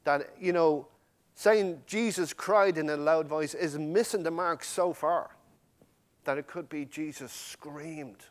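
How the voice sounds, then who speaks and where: Impassioned male preacher, slightly high voice. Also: slow pace. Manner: impassioned, swings from loud to hushed; addresses the congregation directly. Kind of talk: sermon.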